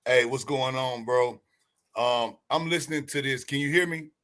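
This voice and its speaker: A man joins the show on a call, chatting loosely and often restarting his phrases. His voice is bright, with a forceful edge. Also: medium pitch, moderate pace. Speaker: guest on call. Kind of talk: casual chat.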